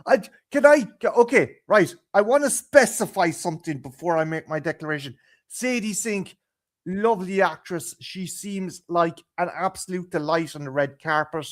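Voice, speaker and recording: This is a man with an Irish accent on a casual live-stream chat, his voice a little higher than most. He trips over his own words again and again, repeating himself before he gets going. When something annoys him he turns loud and profane. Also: moderate pace. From Ireland. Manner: rambling, stammering restarts, bursts into loud swearing rants. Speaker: guest podcaster. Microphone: video call.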